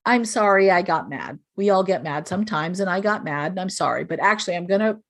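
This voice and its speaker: This woman appears as a podcast guest, explaining parenting advice earnestly and performing example phrases a parent might say. She speaks a bit fast, in a lowish voice with lively intonation.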